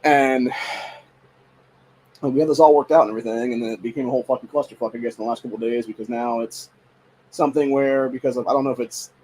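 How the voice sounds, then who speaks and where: A man's voice: medium pitch, fairly even intonation, fast talker, darkish tone, a little hiss or hum, rough recording. A man in his forties from Ohio, hosting a podcast and venting in a frustrated, profanity-filled rant. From Ohio, USA. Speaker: podcast host. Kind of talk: casual venting monologue.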